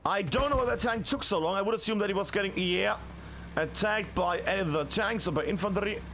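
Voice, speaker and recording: A man casting a tactical shooter match solo, chatty and excitable, shouting on big plays. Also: high voice, fairly quick, gravelly, slight background noise. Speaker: esports caster. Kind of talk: solo play-by-play commentary.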